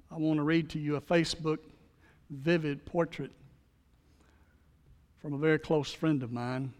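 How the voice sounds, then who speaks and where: A man's voice: on the high side, darkish tone, big-room sound. A man preaching a sermon, telling stories and leading the congregation in repeated phrases. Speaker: pastor.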